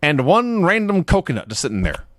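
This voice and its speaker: A man's voice: a little high, wildly swooping pitch, brisk, no echo. A man co-hosting a podcast, recapping matches in a dry, wry storytelling way and laughing now and then. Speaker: podcast co-host. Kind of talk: casual chat recapping shows.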